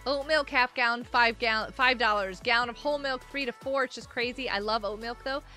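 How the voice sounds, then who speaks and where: A woman's voice: on the high side, brisk, sharp tone, soft background music. A woman streaming a game, chatting and rambling casually into her microphone, laughing often and breaking into sudden squeals. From United States. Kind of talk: casual live-stream chat while gaming.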